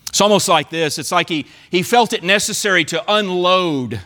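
Man preaching in church, high voice, bright tone, earnest. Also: normal speed. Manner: earnest preaching, acts out the psalmist's pleas. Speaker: pastor. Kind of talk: sermon.

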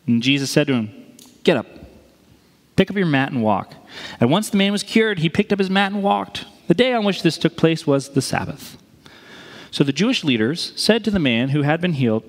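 A man preaching a sermon as pastor, speaking in a lively, conversational way and acting out quoted lines. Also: a little high, brisk. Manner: animated, conversational, acts out quotes. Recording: reverberant hall.

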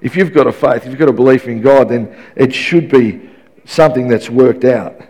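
A man's voice: medium pitch, moderate pace, darkish tone. A man in his fifties preaching a sermon in an emphatic, repetitive way, often restarting his sentences.

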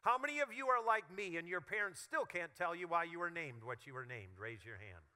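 A male pastor preaching a sermon with humorous, animated storytelling. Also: a little high, fairly quick, clear, resonant tone.

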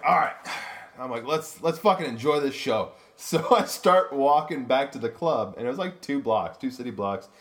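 A man, a comedian co-hosting a podcast, telling a story in a loose, profane way and acting out the voices in it. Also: mid-range voice. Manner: animated, profane, acts out quotes in his story. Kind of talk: casual storytelling chat.

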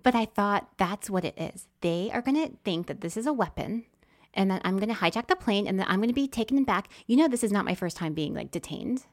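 Animated woman telling a story. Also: mid-range voice. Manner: animated storytelling, quick swings from whispers to loud exclamations. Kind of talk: casual chat.

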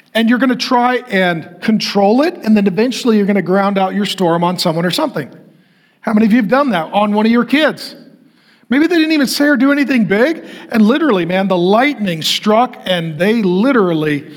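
A middle-aged man from North Dakota preaching a sermon to men in a direct, conversational way, asking the crowd to raise their hands. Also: high-pitched. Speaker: pastor.

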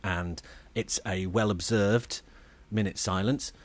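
A man, co-hosting a comedy podcast and telling a rambling, animated story. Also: on the low side, slow, no echo. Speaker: podcast co-host. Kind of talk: casual comedy chat.

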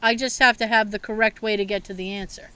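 On her podcast, a woman tells a family story in casual chat, animated, swearing freely and laughing often. She talks fast in a smooth, mid-range voice.

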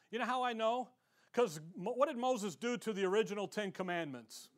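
A man's voice: sits high, moderate pace. A male pastor preaching a sermon in a conversational way, acting out the voices of the people he quotes.

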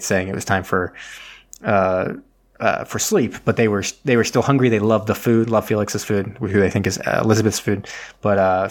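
Lowish voiced guy rambling thru a movie recap, does little voices for the characters. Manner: rambling, animated, acts out characters' lines. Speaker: podcast co-host. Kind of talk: casual chat recapping a movie.

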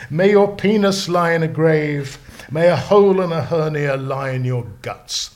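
A man who is a slang lexicographer, talking in a casual podcast discussion, animated and digressive, with frequent restarts. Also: a little high, normal speed.

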